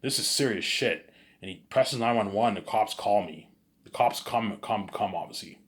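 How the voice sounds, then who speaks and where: A man's voice: fairly low pitch, normal speed, darkish tone. A young man telling a story in casual talk, rambling, repeating words and saying "you know what I'm saying" often.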